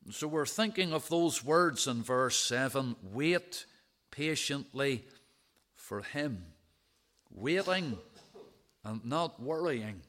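A man preaching a sermon, reading out scripture verses and dwelling on them in a measured, emphatic way. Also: medium pitch, expressive, fairly bright tone.

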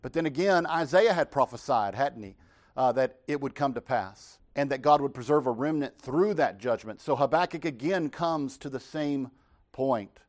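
A man preaching a midweek sermon, speaking calmly in places and rising to impassioned pleading when he voices the prophet. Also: normal speed. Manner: rises to impassioned pitch when voicing the prophet's cries. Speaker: pastor.

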